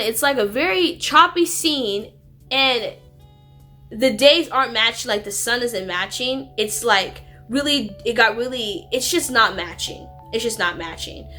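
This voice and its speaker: Woman vlogger, higher-pitched voice, chatty movie-review recap over soft music. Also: expressive, unhurried. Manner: chatty, filler-heavy retelling with sassy asides. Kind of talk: casual movie review vlog. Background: faint background music.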